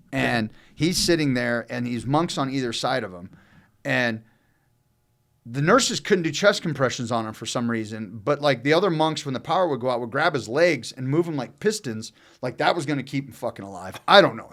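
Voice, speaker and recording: A middle-aged man casually telling a long, rambling story on a podcast, swearing often and talking loosely. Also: medium pitch. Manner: rambling, profane, loose and animated.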